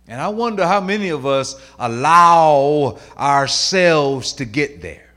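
Male preacher, middle-aged, sermon delivery, voice leaps between shouting and near-whispers, lively pitch. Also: slow. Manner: swings from shouting to hushed, quoting voices.

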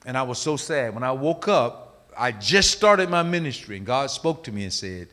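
A man preaching a sermon, telling a story dramatically and swinging between hushed and loud delivery. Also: medium pitch, lively intonation, moderate pace.

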